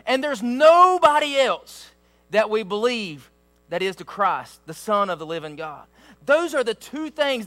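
A man with a very high, bright, forceful voice delivers a sermon. He leans hard on emphatic, repeated phrases as he preaches. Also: sing-song, a little slow.

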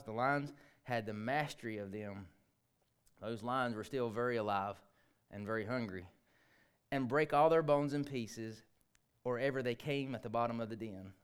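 Impassioned preacher man. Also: clean tone. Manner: impassioned preaching, rising to near shouts and dropping low. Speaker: pastor. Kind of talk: sermon.

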